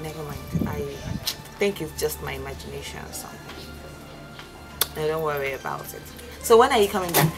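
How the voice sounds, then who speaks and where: An actress playing a young woman chatting on the phone, bright and a little hesitant, in a film. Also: sits low, rough recording. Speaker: character in a film. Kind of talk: film acting. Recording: film audio with loud music.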